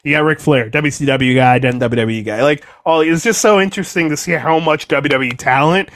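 A man's voice: a little high, a little fast. Swearing, exasperated young man ranting. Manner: profane, exasperated, animated ranting. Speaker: podcast co-host. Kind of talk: casual wrestling recap chat.

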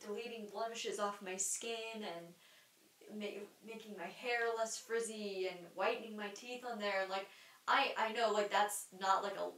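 A young adult woman with a mid-range, slightly bright voice hosts a solo podcast, rambling candidly in a stream-of-consciousness monologue full of fillers, restarts and casual swearing. The sound is roomy, with the mic at a distance.

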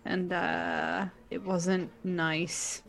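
A young Midwestern woman speaks slowly and haltingly, playing her character in a tabletop game. Soft music runs faintly underneath her voice. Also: fairly low pitch, little pitch movement, creaky. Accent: Midwestern American.

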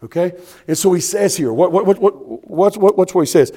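A man's voice: high-pitched, lively intonation, a little fast, dark tone. A male pastor, preaching a sermon in an emphatic, folksy way and often asking the congregation if they are ready.

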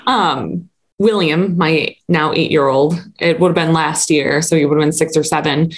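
A woman's voice: sits low, moderate pace. A woman in her thirties co-hosting a podcast, chatting casually and laughing easily as she recaps a TV episode. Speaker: podcast co-host.

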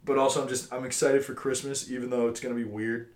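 A young man co-hosting a casual podcast, an animated storyteller who swears freely. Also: medium pitch, quick pace. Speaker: podcast co-host. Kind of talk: casual chat. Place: home cellar. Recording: echoey cellar room.

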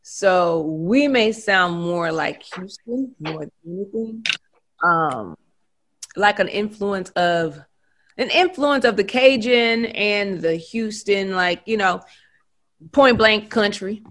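A woman's voice: mid-range voice, expressive, slow, a bit bright. A woman from Central Louisiana with a Louisiana accent, chatting casually as an interview guest and laughing easily. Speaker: guest, actress and former radio host.

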